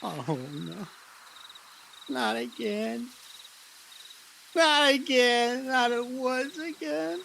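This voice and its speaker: A man's voice: very high voice, extremely slow, vocal fry, pauses often, sharp tone, slight background noise, voice pushed up, full character voice. An actor playing a desperate man lost in the woods who keeps pleading about who will look after his mother, in a mock audition scene. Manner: pleading, repeating himself, rising to a cry.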